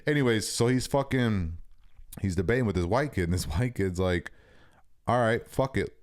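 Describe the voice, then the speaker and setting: A man's voice: sits low, expressive, moderate pace, darkish tone. A young man co-hosting a podcast, telling rambling, profane stories in casual chat and saying "bro" constantly. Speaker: podcast co-host.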